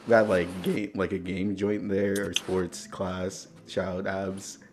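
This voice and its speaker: Young guy, real deep voice, loose rambly podcast talk w lots of likes. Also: level tone, takes it slowly, background noise. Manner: rambling, filler-heavy storytelling. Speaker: podcast host. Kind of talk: casual chat.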